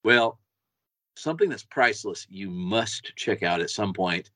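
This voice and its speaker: A man's voice: lowish voice, expressive, measured pace, sharp tone, no echo. A man co-hosting a podcast, chatting casually and enthusiastically, often repeating words as he goes. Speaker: podcast co-host. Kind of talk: casual chat.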